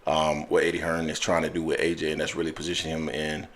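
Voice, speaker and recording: A man with a slight Southern accent hosts a call-in sports show in an easygoing, slangy manner. His voice sits very low. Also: quick pace, slight background noise. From Southern US, Florida. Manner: relaxed, laid-back slang. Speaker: host of a call-in boxing show. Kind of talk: casual call-in chat.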